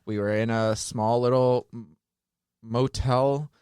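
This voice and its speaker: A man co-hosting a casual, jokey podcast, telling a rambling story and breaking into laughter often. His voice sits at a middle pitch. He is close on the mic in a dry, dead room. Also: steady tone, slow pace, a little mellow, clean tone, no echo. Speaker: podcast co-host. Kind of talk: casual comedic chat.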